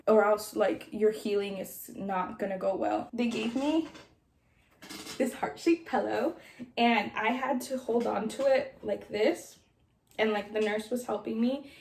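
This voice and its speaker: A woman's voice: on the high side, darkish tone. A young woman vlogger telling a personal story in casual, filler-heavy speech, acting out what others said. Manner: chatty, filler-heavy, acts out quotes. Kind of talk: casual storytelling during a mukbang. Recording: roomy echo.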